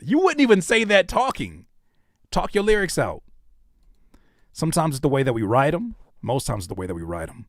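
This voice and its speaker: Lively guy on a live stream, talks with big swings up and down, rapping lines back, dry close mic. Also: on the high side, normal speed, dry recording. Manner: animated, rapping lines back and doing voice impressions. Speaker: rapper and producer reacting to viewer music. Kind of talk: casual live stream chat.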